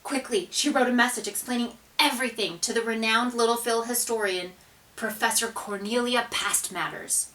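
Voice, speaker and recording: A woman reading a children's picture book aloud, with expressive, dramatic narration and hushed asides. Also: a little high, moderate pace, far from the mic, slight background noise, low-quality recording. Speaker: storybook reader.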